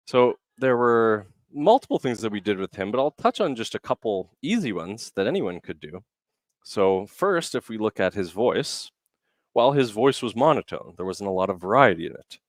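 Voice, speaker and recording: A man's voice: fairly low pitch, expressive, normal speed, no echo. A young man coaching on public speaking over a video call, explaining emphatically and varying his pace to stress points. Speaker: communication coach.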